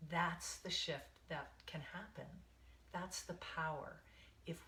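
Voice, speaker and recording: A woman meditation teacher leading a guided meditation in a calm, soothing, unhurried way, sometimes dropping to a soft breathy tone. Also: fairly low pitch. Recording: echoey room.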